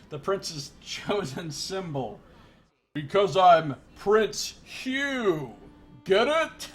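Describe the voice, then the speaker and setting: A man's voice: on the high side, a bit bright. A man streaming a game, reading its story aloud with wry asides. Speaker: let's play streamer.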